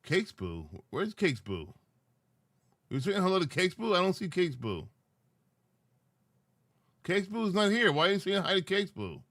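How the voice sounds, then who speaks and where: A man's voice: high voice, sing-song, unhurried, pauses often, a bit bright, dry recording. A sleepy man hosting a livestream, chatting loosely with viewers and teasing them. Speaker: livestream host. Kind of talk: casual livestream chat.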